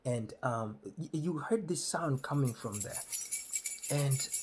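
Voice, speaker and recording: A man from Kenya telling a comic story on stage, lively, acting out the people in it. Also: mid-range voice, slow, background noise. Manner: animated, acts out voices. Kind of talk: stand-up storytelling.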